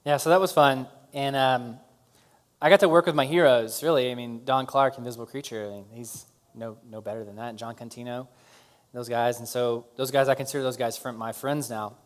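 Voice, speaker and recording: A man telling his story to a live audience in a smooth, clear voice of ordinary pitch. He talks casually, with many fillers and restarts, and gets animated when something excites him. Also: fairly quick, soft background music.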